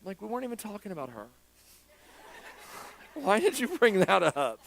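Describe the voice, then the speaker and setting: A man's voice: high-pitched, wildly swooping pitch, moderate pace, vocal fry, fairly bright tone, a little hiss or hum, rough recording. A man preaching a sermon as a pastor in church, candid and self-deprecating, joking with his congregation.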